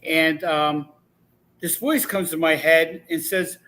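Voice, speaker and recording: Talk show guest, man, animated storyteller, bright slightly high voice, rambling delivery. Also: slow pace.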